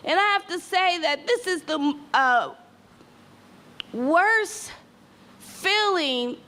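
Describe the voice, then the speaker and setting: A woman with a high voice speaks to a gathering about a painful loss. She is heartfelt and tries to stay composed. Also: lively intonation, extremely slow, pushed and bright. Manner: tearful at times, heartfelt, fighting to stay composed. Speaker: grieving mother speaking at a public meeting. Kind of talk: emotional public statement.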